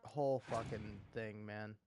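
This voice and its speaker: A man's voice: lowish voice, steady tone, measured pace, music in the background. A man in an angry gaming rant, swearing often and repeating himself in exasperation. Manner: profane, repetitive, exasperated ranting. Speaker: gaming video creator.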